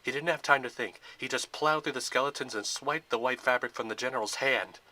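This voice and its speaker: A man reads out a fan-made adventure film in a plain storytelling style. His voice is bright and sharp. His pitch sits in an ordinary middle range. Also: fairly quick. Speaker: narrator.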